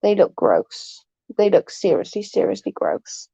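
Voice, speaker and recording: A tired woman with a mild stutter chats casually with her stream viewers, often breaking off and starting her sentences over. Her voice is mid-pitched and sounds dry and close, through a dull, lo-fi home mic. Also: big pitch swings, a little slow, creaky, dark tone, husky, no echo. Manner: chatty, trails off into restarts. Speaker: live-stream host.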